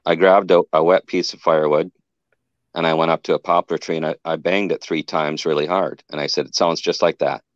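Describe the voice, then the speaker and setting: A man's voice: rumbling low, flat delivery, a little fast, no room sound, dull audio. A man telling his own encounter story in a casual, rambling way, often stopping to correct himself. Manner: rambling, restarts and self-corrections.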